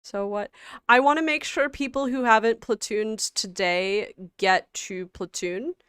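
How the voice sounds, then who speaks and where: Slow-talking woman streamer, smooth voice. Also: on the high side, fairly bright tone, no echo, studio quality. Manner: halting, many fillers and restarts. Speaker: stream co-host. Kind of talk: casual livestream chat.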